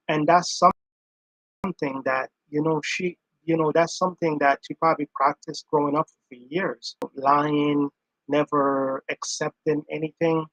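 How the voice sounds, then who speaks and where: Earnest and emphatic, a man delivers casual reaction commentary and loops back to repeat what he's saying. His voice is a little high for a man and a bit bright. The low-quality recording is dry and close, with no surrounding room.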